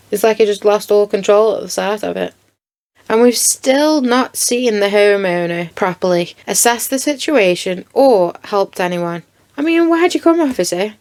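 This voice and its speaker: A woman's voice: mid-range voice, darkish tone. A woman giving blunt, indignant commentary over video footage and swearing freely. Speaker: true crime commentator.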